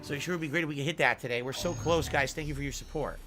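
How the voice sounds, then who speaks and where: A man's voice: fairly high pitch, very fast. A man live-streaming a game, thinking aloud over gear choices and thanking viewers for tips. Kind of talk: live gameplay stream chat. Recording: game music behind.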